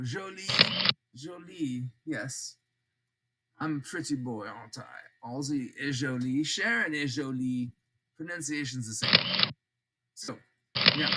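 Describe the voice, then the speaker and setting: An older male teacher with a fairly high voice walks through a grammar lesson at a very slow, deliberate pace. He repeats each example word with care and drops in playful jokes. Loud noise sits under the whole recording. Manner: slow and repetitive, drawing out example words, joking asides. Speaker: French teacher.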